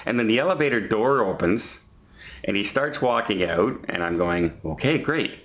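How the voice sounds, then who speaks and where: This fifty-something vlogger has a lowish, a bit bright voice with lively intonation and a moderate pace. Sitting in a hotel, he casually walks the camera through an incident step by step.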